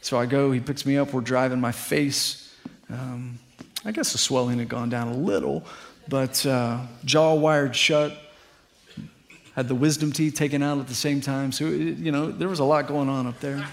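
A man's voice: mid-range voice, fairly even intonation, moderate pace. A middle-aged man preaching a sermon as pastor, earnest and building to fervent appeals.

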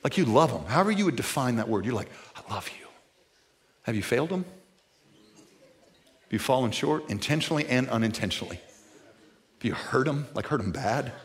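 A man preaching a sermon to a live congregation, animated, with folksy asides, moving between loud and quiet. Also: mid-range voice, moderate pace, pauses often. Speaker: pastor. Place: church before a live congregation.

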